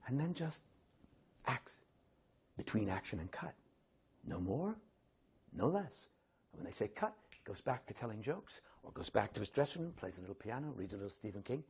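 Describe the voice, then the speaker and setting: A middle-aged man, an actor, telling an animated story to an audience and acting out the voices of the people in it. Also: fairly low pitch, normal speed, pauses often, slightly rough. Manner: animated, acts out voices of others in his stories.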